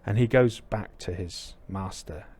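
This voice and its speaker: A deep-voiced man gives a reflective dharma talk, his tone low and husky. He pauses often and searches for words, circling back as he thinks aloud. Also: darkish tone. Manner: reflective, hesitant with many fillers. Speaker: Buddhist teacher.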